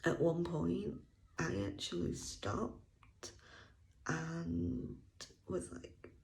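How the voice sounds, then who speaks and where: A woman's voice: low-pitched, sing-song, extremely slow, gravelly, a little mellow, a little hiss or hum. A woman giving a casual audiobook review vlog, chatty and enthusiastic, laughing often and sometimes dropping to a near whisper. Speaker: book reviewer.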